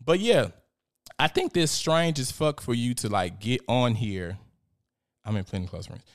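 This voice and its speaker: A young man hosts a casual live stream, talking in an animated, profane way and reading out viewer comments. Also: medium pitch, a little slow. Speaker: host.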